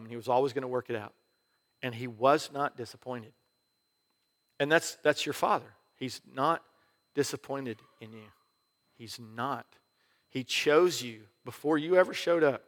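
A pastor giving a sermon in an easygoing conversational way, often dropping to a soft hush and laughing as he goes. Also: medium pitch. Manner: acts out prayers in quiet voices, laughs often. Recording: long hall reverb.

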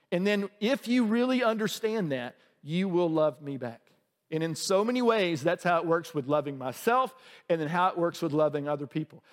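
A man's voice: high voice, in a large hall. A male pastor preaching a sermon in a church, conversational and humorous, often asking the congregation questions. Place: church sanctuary.

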